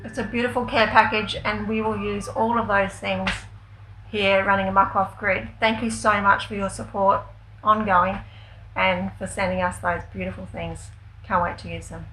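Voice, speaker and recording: A woman narrating a farm vlog with warm enthusiasm. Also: mid-range voice, level tone, moderate pace, over music, low-quality recording. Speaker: off-grid farm vlogger.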